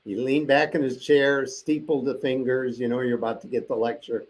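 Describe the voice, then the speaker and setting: A man's voice: mid-range voice, flat delivery, normal speed, a little hiss or hum. An older man as an interview guest, telling a long personal story and acting out the voices of the people he quotes.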